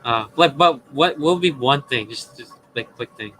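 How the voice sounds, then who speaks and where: Bright-voiced man asking prodding questions. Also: medium pitch, moderate pace, slight background noise. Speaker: podcast co-host. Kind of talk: casual chat.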